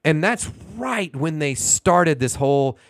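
A man's voice: fairly high pitch, animated, slow pace, dry recording, clean studio sound. A man in his thirties co-hosting a casual podcast, telling a long, indignant story full of rhetorical questions. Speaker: podcast co-host.

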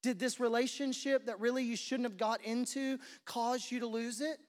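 A man's voice: extremely high pitch, fairly even intonation, normal speed, big-room sound. A man preaching a sermon as pastor, conversational and repeating his questions for emphasis. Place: church.

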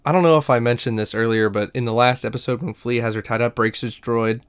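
A man co-hosts a casual podcast, recapping an episode in an animated, profane way. His voice is smooth and resonant at a mid pitch, and he slips into quick impressions of the characters. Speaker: podcast co-host.

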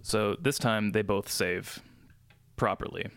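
A man's voice: lowish voice, takes it slowly, vocal fry, background noise. A young man running a tabletop game as dungeon master, explaining rules casually with plenty of fillers.

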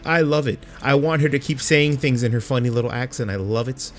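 A man co-hosting a casual fan podcast, talking in a slangy, animated way with many restarts. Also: medium pitch, fairly quick, faint music behind. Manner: animated, slangy, stumbles and repeats words. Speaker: podcast co-host.

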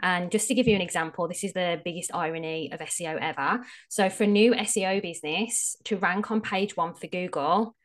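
A woman's voice: on the low side, brisk, hardly any pauses. An Australian woman, a guest strategist, explaining things frankly and casually in a podcast interview. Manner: explanatory, frank, with frequent fillers.

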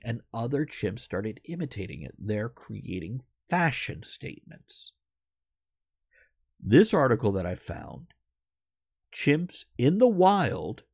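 A man's voice: medium pitch, creaky, a little mellow, breathy edge, dry recording, clean studio sound. A man hosting a podcast in casual, rambling chat who swears now and then. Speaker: podcast host.

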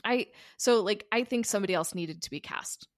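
A woman's voice: mid-range voice, a little fast, no room sound. Dry-voiced woman, casual film chat. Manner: hedging, self-deprecating, laughs often. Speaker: podcast co-host.

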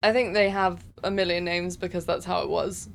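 A woman from southwest England co-hosting a casual podcast, wry and quick to laugh. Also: fairly low pitch, steady tone, gravelly. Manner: laughing, wry, matter-of-fact. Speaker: podcast co-host.

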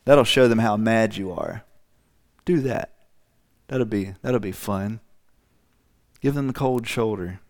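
A man in a sermon voicing the devil as a sly, coaxing false friend who talks softly and conspiratorially. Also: lowish voice, takes it slowly, long pauses. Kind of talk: sermon role-play.

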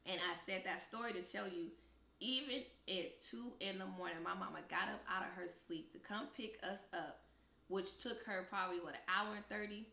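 A young woman co-hosts a casual podcast, telling stories with lots of acted-out quotes. Her voice is bright with a gravelly edge of fry. The room around her is echoey. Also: medium pitch, moderate pace. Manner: animated storyteller, acts out quoted voices. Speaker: podcast co-host. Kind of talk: casual storytelling chat.

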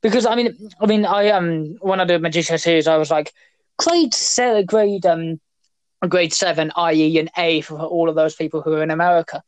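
At a moderate pace, this young adult from Britain speaks in a lowish, somewhat mellow voice with a British English accent, and there is no room sound. As a podcast host she chats casually, jokes, rambles, and often restarts or uses fillers.

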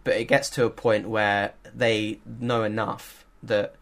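A man's voice: lowish voice, slow, creaky. Chatty man telling a story. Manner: animated storytelling, many fillers and laughs. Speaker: podcast co-host. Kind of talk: casual chat.

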